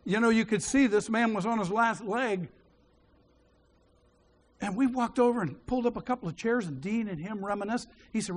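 A man preaching a sermon, telling a story and acting out the voices in it, dropping to a hushed voice when he quotes a prayer. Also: high-pitched, normal speed. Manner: animated storyteller who acts out the dialogue.

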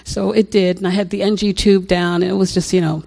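This older woman's voice is gravelly and dark, mid-range and level in tone, and she talks briskly. She gives a chatty personal testimony, frequently laughing and repeating herself.

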